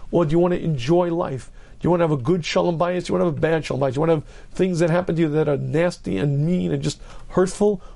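Brief: rabbi, lecture voice, gravelly and dark, emphatic. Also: male voice, sits high. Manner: earnest, emphatic, repeats key phrases; clears throat often. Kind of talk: Torah lecture.

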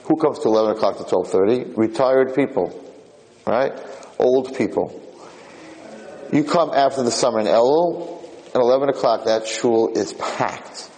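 A man's voice: mid-range voice, normal speed, in a large hall, rough recording. A man teaching an informal Torah class as a rabbi, telling stories animatedly and repeating himself. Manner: animated storyteller, repeats and restarts phrases.

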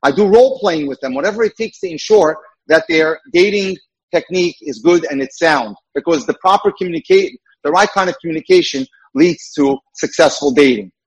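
A man's voice: fairly high pitch, lively intonation, a little fast, husky, poor audio. A man who works as a dating mentor, giving an emphatic lecture with repeated points.

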